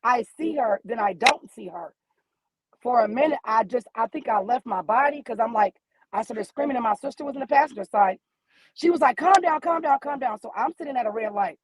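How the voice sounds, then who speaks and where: Animated storytelling mother calling in. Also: on the high side, fairly quick, background noise. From American Midwest. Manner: animated storyteller who acts out dialogue. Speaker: guest caller, mother. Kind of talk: emotional personal account by phone from her car. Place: in a car.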